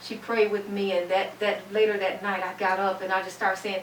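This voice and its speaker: A cancer survivor in middle age speaks as a guest on a panel, her testimony forceful and sermon-like, with phrases repeated for weight. She talks briskly in a level, mid-range voice, and the recording has room echo, a distant mic, and a faint hum.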